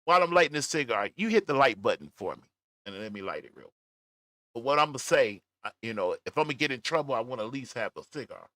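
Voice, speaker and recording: A middle-aged man hosting a casual livestream, reading chat comments aloud with laughter and drawn-out emphasis. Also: mid-range voice, sing-song, a bit bright, no echo. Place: at home, smoking a cigar.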